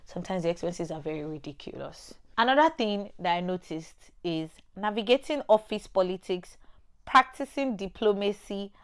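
A woman's voice: medium pitch, lively intonation, moderate pace. A young Nigerian woman with a Nigerian accent, chatting to camera in a casual vlog and repeating her points for emphasis. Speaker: vlogger.

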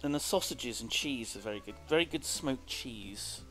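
A man's voice: mid-range voice, animated, normal speed, sharp tone. A man streaming a video game, chatting and rambling casually with playful asides. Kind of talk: casual gameplay commentary. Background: faint game music.

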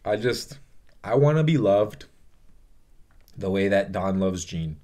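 A man's voice: low-pitched, lively intonation, slow, warm tone. A young man vlogging a casual, emotional movie review, swearing often and rambling with fillers.

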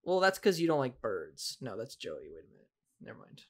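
A man's voice: medium pitch, huge pitch swings, fairly quick, background noise. A young man in his twenties co-hosting a podcast, chatting casually, teasing his friends and swearing freely. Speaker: podcast co-host. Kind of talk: casual chat.

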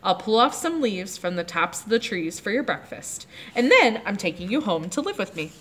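A woman voicing a polite, calm brontosaurus. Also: medium pitch. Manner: courteous and unhurried.

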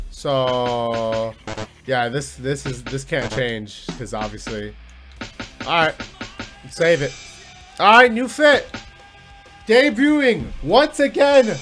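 A man giving loud, profane let's-play commentary while wrestling in a video game. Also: mid-range voice. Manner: excitable, profane, yelling at the game. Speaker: gaming YouTuber.

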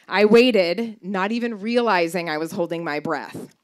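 A woman's voice: fairly low pitch, measured pace. A woman in her thirties telling a true personal story on stage, wry and candid, swearing for comic punch. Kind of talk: live personal storytelling performance.

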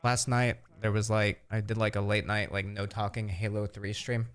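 A man's voice: fairly low pitch, flat delivery, normal speed, clean tone. A young man streamer chatting in a game, joking and telling rambling stories. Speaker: fellow streamer. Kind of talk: casual gaming chat.

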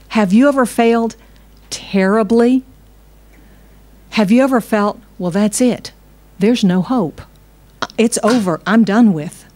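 A woman's voice: medium pitch, dark tone. A woman pastor, preaching a conversational sermon and putting questions to her congregation.

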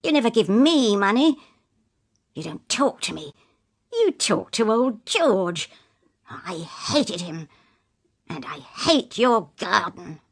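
A woman reading the lines of an angry, scornful drunken father who shouts at his grown daughter. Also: mid-range voice, very animated, takes it slowly, creaky, long pauses, exaggerated voice. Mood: shouting. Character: angry drunken bullying father, older man.

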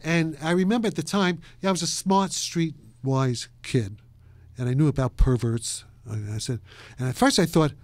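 New York-raised guest, around 80, high-ish voice, animated and rambling, dry close sound. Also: male voice, moderate pace, dry recording. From New York, USA. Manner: animated, laughs often, trails off and restarts. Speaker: interview guest, physicist. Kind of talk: rambling interview storytelling.

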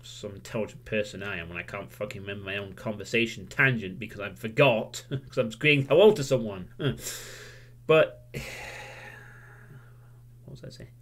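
A man's voice: fairly low pitch, moderate pace, a bit bright. A man livestreaming a candid, self-critical monologue; he swears freely and rambles, losing his train of thought at times.

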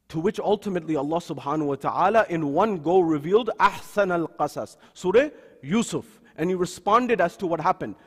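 A man with a high voice gives a religious lecture and moves easily between telling a story and playing its characters. His voice rings with a long reverb through a mosque hall. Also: breathy edge. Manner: storytelling, acting out the quoted figures.

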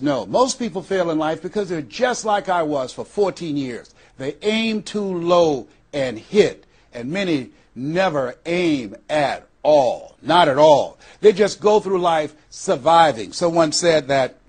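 Emphatic, fairly high-voiced motivational speaker. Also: male voice, husky. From Miami, Florida. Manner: emphatic, repetitive, with dramatic pauses and slowed key phrases. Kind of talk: motivational speech.

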